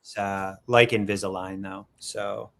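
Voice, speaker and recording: A man co-hosting a casual podcast, easygoing and a bit halting. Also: fairly low pitch, little pitch movement, gravelly, a bit bright. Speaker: co-host. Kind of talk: casual chat.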